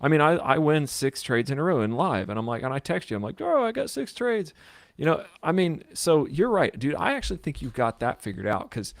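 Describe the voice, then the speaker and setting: A man's voice: medium pitch, big pitch swings, brisk, gravelly, few pauses, dry recording. A man co-hosting a podcast in rambling casual chat, often restarting his sentences. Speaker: podcast co-host.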